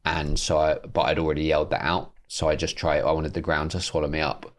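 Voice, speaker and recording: Deep-voiced British man telling a story. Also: a little fast. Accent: British English. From Britain. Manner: animated storyteller, acts out voices in anecdotes. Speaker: podcast co-host. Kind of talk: casual comedy chat.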